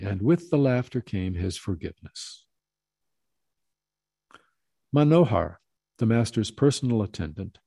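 A man narrating a story in a steady, deliberate reading voice. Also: lowish voice, creaky, dry recording.

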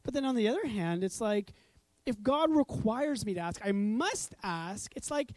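A woman's voice: fairly high pitch, expressive, moderate pace, darkish tone, no echo. A woman preaching a conversational sermon, telling stories with animation and acting out voices. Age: adult parent.

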